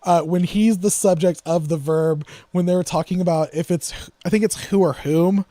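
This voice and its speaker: A man co-hosting a casual gear podcast, rambling through quick asides and frequent restarts. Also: sits high, steady tone, mellow, no room sound. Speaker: podcast co-host. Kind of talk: casual gear-talk chat.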